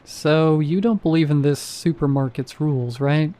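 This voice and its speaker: A man voicing an apathetic male security guard who speaks flat and bored, in a monotone. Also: a little high, normal speed, natural voice. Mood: deadpan. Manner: monotone and deadpan.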